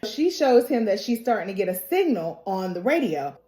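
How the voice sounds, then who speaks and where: A woman recapping a TV episode in a lively, casual, very reactive way. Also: medium pitch, moderate pace. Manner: lively, colloquial, reacts loudly. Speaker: TV recap YouTuber. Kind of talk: animated show recap. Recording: roomy echo.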